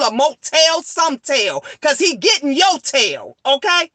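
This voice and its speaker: A woman in her thirties telling a family story as a profane, animated rant, repeating lines for emphasis. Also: sits high, takes it slowly, few pauses, dry recording.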